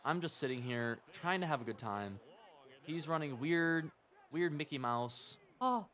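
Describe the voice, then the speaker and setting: Animated young man commentating his game. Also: fairly high pitch, unhurried. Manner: excitable, talks to himself and the opponent, jumps from mutters to yells. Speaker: streamer playing a football video game. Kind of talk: casual gameplay commentary.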